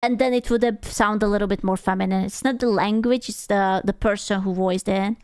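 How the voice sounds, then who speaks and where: A woman's voice: mid-range voice, fairly even intonation, fairly quick, darkish tone, smooth, no echo, studio quality. A young woman streamer reacting to a video in casual, crude, jokey commentary, often stumbling and restarting her sentences.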